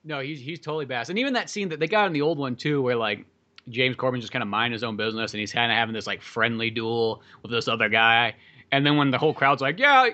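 Man, movie podcast co-host, bright tone, loose and swearing, acts out quotes. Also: medium pitch, quick pace. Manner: rambling, profane, lots of fillers, acts out quoted lines. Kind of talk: casual movie review chat.

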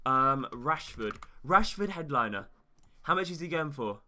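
Bright, hyped young gaming guy. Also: a little high, expressive. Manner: fast, chatty, hyped, talks straight to viewers. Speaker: gaming YouTuber. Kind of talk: casual gaming commentary.

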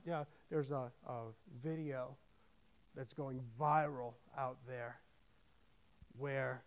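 A man's voice: mid-range voice, steady tone, slow pace, long pauses, clear, resonant tone. A man preaching a sermon as pastor, reading scripture aloud with rising emphasis and dropping into plain asides, often repeating words as he goes. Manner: repeats words and restarts when thinking aloud.

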